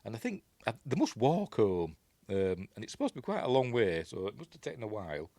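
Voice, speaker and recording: A man with a Yorkshire accent talks his way through a film scene by scene in a loose, chatty ramble, stopping and restarting often. His voice sits very low. The recording is close and dry, with almost no room sound. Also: sing-song, brisk, warm tone, no room sound. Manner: rambling, many fillers and restarts. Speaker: film reviewer. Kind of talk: casual film breakdown.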